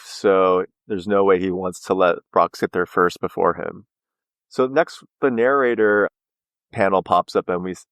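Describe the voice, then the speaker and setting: A man's voice: lowish voice, no room sound. A man co-hosting a podcast, recapping a story in loose casual chat full of "like" and "you know". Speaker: podcast co-host.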